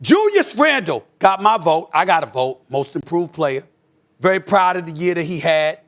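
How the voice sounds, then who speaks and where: A man, a sports talk host ranting loudly, shouting in bursts. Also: on the high side, big pitch swings, normal speed. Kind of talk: heated sports commentary.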